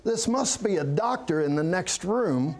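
A man's voice: high-pitched, lively intonation, unhurried. A middle-aged man, a pastor, telling his testimony in an interview, earnest and storytelling, laughing now and then. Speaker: pastor, guest.

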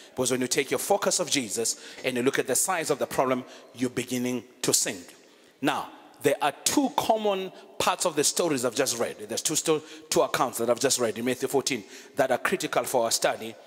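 A man's voice: mid-range voice, in a large hall. A man preaching a sermon, switching between English and Zulu and reading scripture aloud. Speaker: pastor. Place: church.

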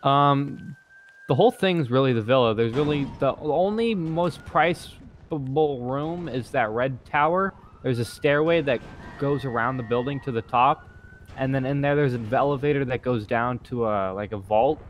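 A young man speaking in a quiet, low-key way as he plays along in a roleplay game, laughing easily between lines. His pitch sits in the middle range. A faint noise hums under the voice. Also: animated, moderate pace. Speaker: roleplay partner. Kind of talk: casual in-character game chat.

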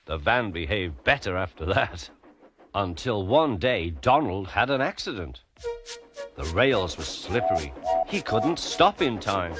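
A man narrating a storybook tale in a lively, expressive reading voice, with music playing behind. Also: fairly low pitch, a little slow.

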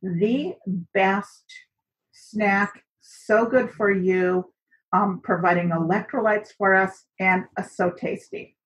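A woman's voice: mid-range voice, fairly even intonation, slow, fairly bright tone. A woman teaching an online cooking and seaweed class in a chatty way, with many fillers. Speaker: instructor. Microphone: recorded on camera for an online class. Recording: dull lo-fi recording.

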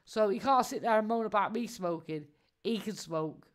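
A woman's voice: mid-range voice, moderate pace. A woman, giving casual live-stream commentary in a mocking tone, laughing often and swearing freely.

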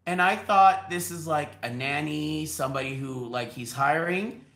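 A man who works as a realtor, a podcast guest telling personal stories in an animated way, laughing often and acting out the dialogue. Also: on the high side, moderate pace. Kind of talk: anecdotal storytelling. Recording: echoey room.

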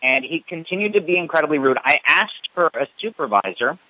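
A man calling in an indignant, halting way with lots of fillers and restarts, over muffled phone audio. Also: on the high side, lively intonation, pushed and bright, no echo. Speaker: caller. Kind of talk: phone complaint.

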